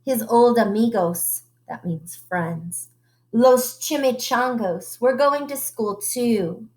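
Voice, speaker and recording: A woman teacher reading a picture book aloud to children, expressive and stopping to ask them questions. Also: a little high, slow pace.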